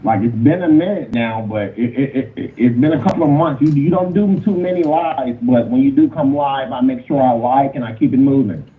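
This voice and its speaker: A man's voice: medium pitch, a little fast, hardly any pauses. A male caller on a live show who stammers, then freestyles insult-heavy rap rhymes at the host. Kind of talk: call-in chat and freestyle rap battle. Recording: tinny phone line with faint noise.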